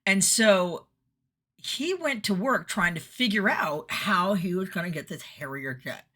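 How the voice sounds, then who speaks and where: Chatty middle-aged woman vlogger, bright forward tone, storyteller who laughs a lot. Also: medium pitch, lively intonation, a little slow. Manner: chatty, laughs often, acts out quotes. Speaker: vlogger giving weekly messages. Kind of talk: casual storytelling monologue.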